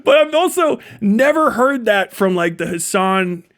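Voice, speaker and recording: A high-pitched young man talks on his own livestream. His rant is loose, profane and animated, and he breaks into laughter often. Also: measured pace. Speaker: livestream host.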